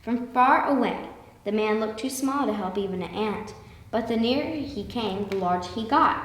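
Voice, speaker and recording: A woman reading a children's picture book aloud in a lively way, slowing down for emphasis. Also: a little high. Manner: lively, with slowed emphatic passages. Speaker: storyteller. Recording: echoey room with long reverb.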